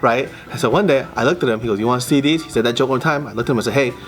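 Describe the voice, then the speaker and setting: Quick talking guy swearing thru a funny story, faint music under it. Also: mid-range voice. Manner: animated storyteller, swears, laughs a lot. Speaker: podcast guest. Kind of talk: casual chat.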